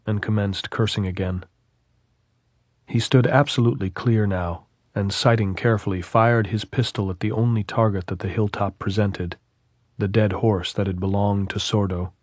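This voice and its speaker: Low husky male audiobook narrator. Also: no room sound, clean studio sound. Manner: measured, steady reading.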